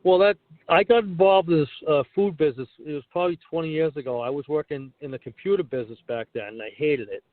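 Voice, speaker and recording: Animated middle-aged man over a tinny line. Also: on the high side, fast talker, dry recording. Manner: animated, acts out dialogue in his stories. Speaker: guest, comedian. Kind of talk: casual interview storytelling. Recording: tinny call line, dry.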